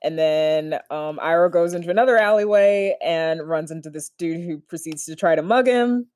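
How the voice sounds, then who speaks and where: A woman's voice: low-pitched, normal speed, no echo. Giggly young woman gushing in a dry recording. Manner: laughs often, animated, gushing. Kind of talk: casual chat recapping a TV episode.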